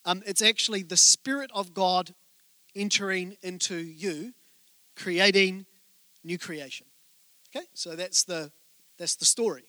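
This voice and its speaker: A male pastor giving a sermon, telling stories in a joking, conversational way and speaking straight to the congregation with quick asides. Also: high-pitched, pushed and bright, no echo. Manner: joking, conversational storytelling from the pulpit.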